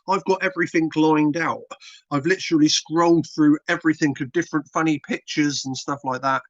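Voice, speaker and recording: A British man, a content creator appearing as an interview guest, talks casually and plainly, rambling and repeating himself. His voice is described as mid-range yet fairly high in pitch, with a fairly bright tone. The recording is dull and dry, with no room sound.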